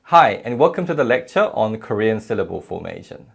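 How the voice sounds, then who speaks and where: A male teacher giving a recorded lecture, with a fairly low, gravelly voice. His pitch moves a lot as he explains, and he repeats example sounds with care. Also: very animated. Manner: clear, measured explanation with spoken examples. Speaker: language teacher.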